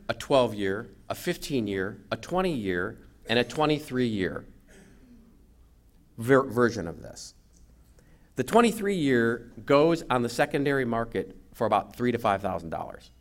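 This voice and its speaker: Man, guest speaker, lively storytelling, acts out quotes, swooping pitch. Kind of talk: lively after-lunch talk.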